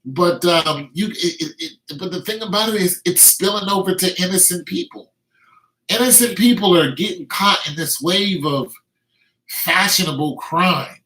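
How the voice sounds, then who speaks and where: A middle-aged male vlogger rants to camera in a high-pitched, pushed, bright voice at a moderate pace. He's emphatic, repeating words to drive his points home, and the recording has a roomy echo.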